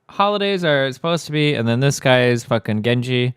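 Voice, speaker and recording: A man's voice: medium pitch, animated, a little fast, hardly any pauses, fairly bright tone, clean tone, no room sound, studio quality. A male streamer delivering profane, combative and sarcastic commentary at a desk mic. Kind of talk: ranting commentary.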